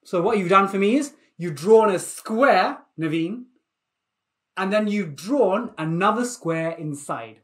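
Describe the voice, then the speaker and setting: Playful maths teacher. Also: male voice, high-pitched, a little slow. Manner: energetic, playful, repeats himself. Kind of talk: live online maths lesson for children.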